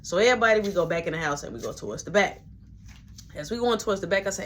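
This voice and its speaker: A woman telling a long personal story in casual slang, animated and acting out every voice. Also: medium pitch, rapid-fire.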